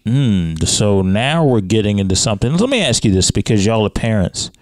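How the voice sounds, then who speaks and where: Low-voiced male podcast host. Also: sing-song, moderate pace, no echo. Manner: leads with questions, rising pitch when pressing a point. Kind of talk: casual podcast conversation.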